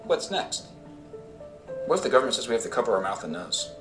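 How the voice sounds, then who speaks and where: A man doing a comedic interview, asking absurd questions in a deadpan, mock-earnest way. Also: mid-range voice, fast talker. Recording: roomy clip audio from a distance, music.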